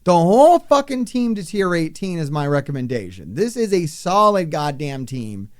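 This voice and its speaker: A man hosting a live game stream, talking to his chat in an excitable, profane, rambling way. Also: a little high, normal speed, no room sound, studio quality. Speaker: gaming streamer.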